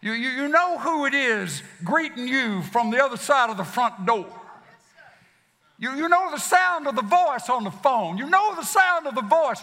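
A man preaching a sermon, swinging between loud declarations and hushed passages, in a folksy manner. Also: very high voice, big pitch swings, moderate pace. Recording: long hall reverb.

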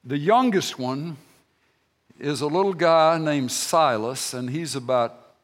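A man's voice: on the high side, slow, in a large hall. An older man, a grandfather, preaching a sermon with folksy storytelling and emphatic peaks. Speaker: pastor.

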